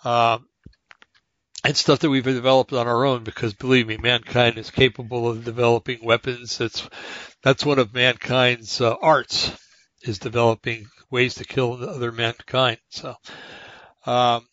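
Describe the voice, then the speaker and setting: A man's voice: mid-range voice, fairly even intonation, moderate pace, a bit bright, no room sound, muffled recording. A man hosting a podcast, talking in a rambling casual monologue full of fillers and restarts as he reads articles aloud. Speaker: podcast host.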